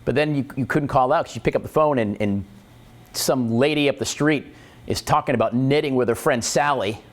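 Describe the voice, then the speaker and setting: A man's voice: medium pitch, expressive, brisk. A middle-aged man hosting a morning show, riffing casually and jokily, rambling and slipping into silly voices. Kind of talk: casual comedic monologue.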